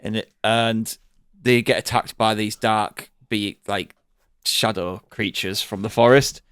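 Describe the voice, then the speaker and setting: Low-voiced laid-back man. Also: fairly even intonation, measured pace, fairly bright tone, clean tone, no room sound, studio quality. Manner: laid-back, hesitant with fillers. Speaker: podcast co-host. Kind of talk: casual review chat.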